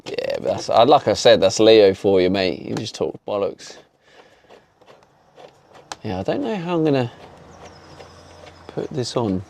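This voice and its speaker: Slow gravelly man chatting. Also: on the low side, sing-song, darkish tone, slight background noise. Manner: laid-back, drawn-out, with many fillers. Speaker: livestreamer building a camper van. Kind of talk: casual chat.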